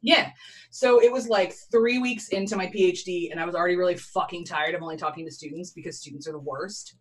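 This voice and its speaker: A woman's voice: on the low side, fast talker, slightly rough. A woman, co-hosting a casual chat over a call with wry quips and plenty of swearing. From Philadelphia, US. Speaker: podcast co-host. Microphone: remote call recording.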